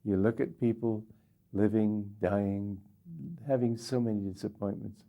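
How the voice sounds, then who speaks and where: An older man giving a reflective spiritual talk as a teacher, gently humorous. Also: lowish voice, flat delivery, measured pace, dull audio. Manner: reflective, gently humorous, quotes others in little voices.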